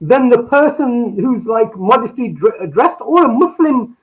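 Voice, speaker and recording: A man's voice: very high-pitched, lively intonation, unhurried, poor audio. A man on a panel sharing his experience in an earnest, informal way. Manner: earnest, informal, uses "like" often. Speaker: panel guest. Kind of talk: casual panel chat.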